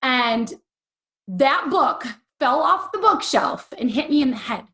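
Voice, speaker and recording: A woman's voice: high-pitched, expressive, slow pace, bright, forceful tone. A woman in her forties, an interview guest telling a candid personal story in an earnest, emotional, chatty way with many fillers. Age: 40s.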